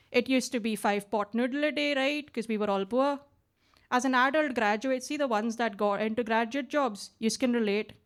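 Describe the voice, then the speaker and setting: A woman in her late twenties from India with a twang, doing a chatty stand-up set on a club stage mic. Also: a little high. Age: late 20s. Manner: chatty, tags lines with "right?". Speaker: stand-up comedian. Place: basement comedy club.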